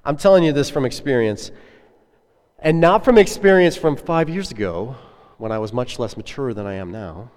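A man's voice: mid-range voice, animated, normal speed, darkish tone. A man preaching a sermon as a pastor, earnest and conversational, putting questions to his listeners. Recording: echoey hall with long reverb.

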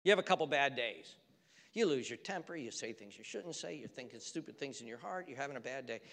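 A male preacher delivering a sermon, swinging from loud urgent exhortation to hushed near-whispers and repeating phrases for emphasis. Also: medium pitch, expressive, fast. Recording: long hall reverb.

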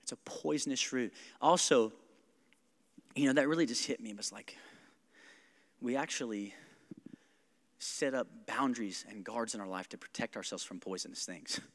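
A man's voice: medium pitch, normal speed, long pauses, long reverb tail. A young man preaching a sermon in a church, talking casually and animatedly with frequent asides to the congregation. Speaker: pastor. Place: church sanctuary.

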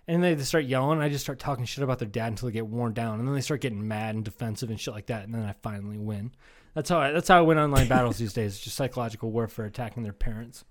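Speaking at a quick pace in a mid-range voice, this man, in his thirties and from Iowa, co-hosts a comedy podcast. He rambles through stories with lots of swearing in casual conversation and does impressions of people.

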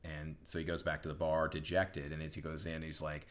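A man with a very deep voice chats casually on a podcast. He rambles, trips over his words and restarts them, and drops into short acted-out quotes. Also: monotone, fairly quick, fairly bright tone. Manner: rambling, restarts sentences, acts out movie lines. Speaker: podcast co-host. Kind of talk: casual chat.

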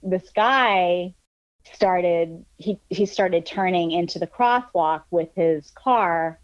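A woman telling a story in casual chat, animated and full of fillers, swearing freely. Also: lowish voice, slow, no room sound, dull audio. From New York. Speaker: guest storyteller.

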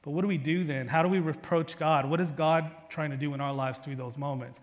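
Male pastor, sermon, conversational storytelling, fairly high voice, long church reverb. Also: steady tone, a little fast, muffled recording. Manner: conversational preaching with personal stories and frequent "right?". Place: church sanctuary.

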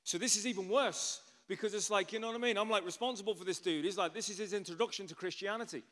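A man, a pastor telling a story in a sermon, chatty and animated with frequent asides. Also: sits high, fast, big-room sound.

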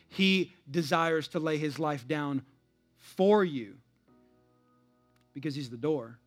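A male pastor preaching a sermon, emphatic and repetitive, reading a story aloud and building to an appeal. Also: a little high.

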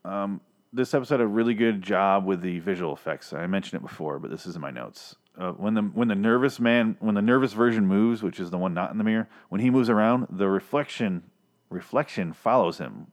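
A man's voice: on the low side, brisk. A man casually reviewing a TV episode, rambling and swearing with frequent restarts. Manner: rambling, profane, many restarts. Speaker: podcast host reviewing a TV episode.

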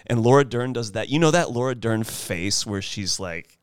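A man in casual podcast talk about a film, animated and acting out lines from scenes. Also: moderate pace, smooth, no echo. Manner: animated, acts out film lines in high voices. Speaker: podcast host.

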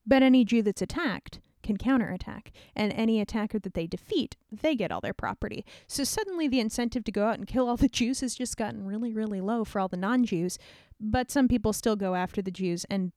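A woman podcast host narrating an old story in a lively, slangy, conversational way. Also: medium pitch, fairly quick, dry recording, studio quality.

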